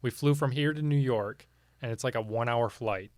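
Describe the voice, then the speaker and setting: A young man with a Midwestern American accent, co-hosting a casual chat, joking and telling stories in quick banter. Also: mid-range voice, no room sound, studio quality. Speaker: podcast co-host.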